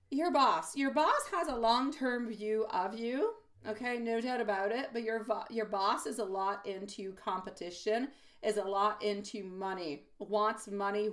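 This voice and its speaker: A woman's voice: mid-range voice, distant mic. A middle-aged woman giving a live-stream tarot reading, chatty and affectionate, calling viewers sweetie. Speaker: tarot reader. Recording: voice a little off-mic.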